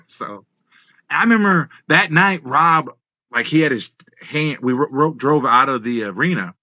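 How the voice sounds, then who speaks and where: Male podcast guest, bright forceful tone, dry slightly dull lo-fi sound, animated storyteller. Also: mid-range voice, measured pace, dry recording. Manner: animated, laughing, swears freely. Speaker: wrestling guest. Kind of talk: casual storytelling.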